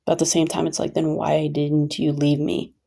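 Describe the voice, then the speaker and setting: A woman's voice: sits low, completely flat delivery, moderate pace, gravelly, warm tone. A woman telling her own story in a venting vlog, talking emphatically and repeating points for stress. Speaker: vlogger.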